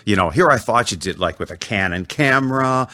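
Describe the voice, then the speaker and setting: An older man hosts a relaxed interview in a very deep voice that swings up and down with real liveliness. He heaps praise on his guests. The sound is dry and close. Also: fairly quick, no room sound. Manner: enthusiastic, full of praise. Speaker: interview host. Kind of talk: casual interview chat.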